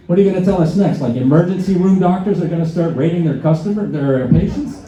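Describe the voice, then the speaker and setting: A man's voice: sits high, animated, fast talker, few pauses, mellow. A man doing a live stand-up set in a bar, sarcastic, acting out phone calls with mock-pompous asides. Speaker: stand-up comedian. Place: bar and grill stage before a laughing crowd. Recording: echoey bar room, dull lo-fi sound.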